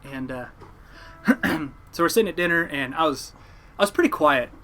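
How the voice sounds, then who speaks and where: At normal speed and a fairly high pitch, with some hiss or hum in the audio, a young fishing boat captain from Oregon, USA, chats casually. His story rambles, and he animatedly acts out other people's quotes.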